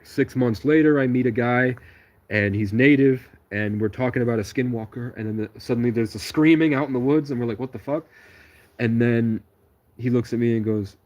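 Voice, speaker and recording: A man's voice: mid-range voice, fairly quick, darkish tone, lo-fi sound. A man talking alone on a livestream, telling digressive stories in a stream-of-consciousness ramble. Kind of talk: rambling solo livestream monologue.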